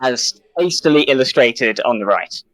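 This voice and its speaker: A man with a British accent pitching a silly idea in a comedy sketch, mock-formal and halting, with many ums and restarts. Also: animated, fairly bright tone, low-quality recording.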